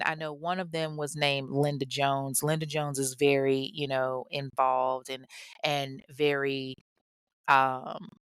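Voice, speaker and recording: A woman's voice: low voice, clear, resonant tone, no room sound, studio quality. A woman hosting a true crime show, retelling a case in a conversational way full of asides. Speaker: host.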